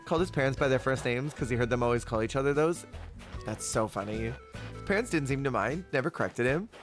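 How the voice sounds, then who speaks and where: A man's voice: medium pitch, fast. A man streaming a cozy game, chatting casually, answering his chat and laughing often. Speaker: Twitch streamer. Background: game music.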